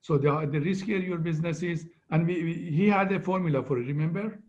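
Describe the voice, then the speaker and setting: A man's voice: fairly high pitch, a little fast, a little mellow. Male lecturer on muffled call audio. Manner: conversational, keeps asking "right?". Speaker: finance lecturer. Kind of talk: online lecture review.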